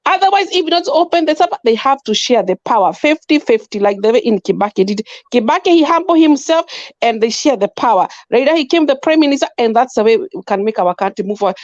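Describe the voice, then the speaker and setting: High-voiced emphatic Kenyan woman. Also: animated, fast, a little mellow, no echo, lo-fi sound. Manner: emphatic, repetitive, mixes in Swahili. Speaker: panel guest. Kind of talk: impassioned political opinion.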